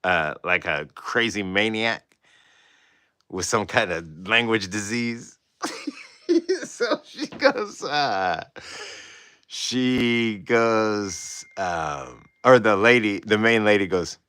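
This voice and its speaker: Rambling male streamer, bright tone, dry close sound, laughs often. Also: on the low side, lively intonation, drawn-out words, smooth, dry recording. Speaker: artist hosting a livestream. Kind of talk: casual storytelling.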